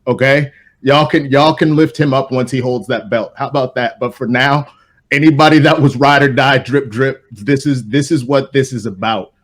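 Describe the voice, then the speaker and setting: A man's voice: medium pitch, moderate pace. A passionate man speaks with strong emotion, tripping over his words and falling into slang. His voice sits in a middle range. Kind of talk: emotional casual chat.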